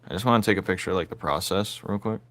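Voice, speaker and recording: A man's voice: low voice, rapid-fire, a bit bright, a little hiss or hum. A man giving casual commentary while he draws, laid-back and teasing, talking to himself as he works. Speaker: artist drawing on camera.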